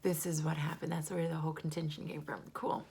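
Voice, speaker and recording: A woman's voice: sits low, level tone, brisk, creaky, a little mellow, slightly rough. A woman giving a casual, chatty recap of a reality TV episode, gossipy and prone to whispered asides.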